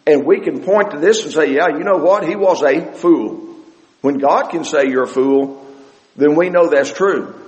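Man preaching in an echoing church. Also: fairly high pitch. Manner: animated, repeats words, slows for emphasis. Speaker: pastor. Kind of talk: sermon.

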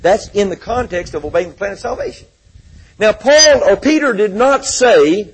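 Male preacher, high husky voice, emphatic sermon delivery with scripture readings. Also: animated, moderate pace, rough recording. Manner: emphatic, repeats words, reads scripture aloud.

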